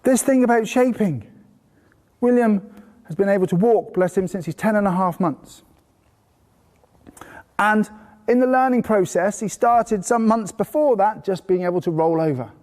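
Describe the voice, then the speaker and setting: High-voiced man teaching in a reverberant hall. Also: moderate pace, long pauses. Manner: lively and anecdotal, with playful put-on praise voices. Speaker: horse trainer teaching a course. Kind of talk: live workshop talk to a group. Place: indoor training venue with a horse brought in.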